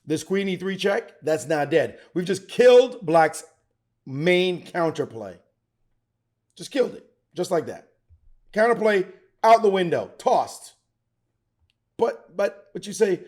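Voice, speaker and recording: A middle-aged man teaching chess, excitable and theatrical, talking straight to the viewer. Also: sits high, unhurried. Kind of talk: animated chess commentary.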